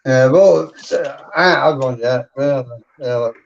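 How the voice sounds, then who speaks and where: Man, middle-aged, gravelly rough voice, rambling and blunt, muffled lo-fi stream audio. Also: medium pitch, normal speed, a little hiss or hum. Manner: rambling, blunt, heavy swearing. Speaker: livestream guest. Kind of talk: casual chat.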